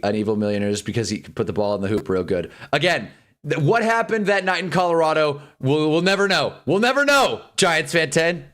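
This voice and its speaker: A man's voice: a little high, fairly bright tone. A man hosting a live sports stream, ranting heatedly and swearing freely between casual asides. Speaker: streamer host. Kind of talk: livestream sports talk.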